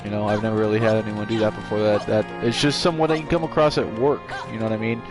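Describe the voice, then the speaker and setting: A man's voice: on the low side, fairly even intonation, fast. Rambling male streamer over game music. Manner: rambling, frequent restarts and fillers. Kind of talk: casual storytelling chat. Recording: game music playing behind. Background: video game music.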